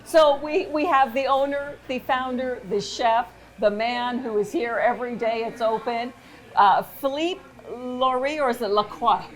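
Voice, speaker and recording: An older woman hosting a local TV show, interviewing a guest on location in a busy restaurant, bubbly and quick to laugh. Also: a little high, steady tone. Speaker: TV show host. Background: diners chatting and laughing.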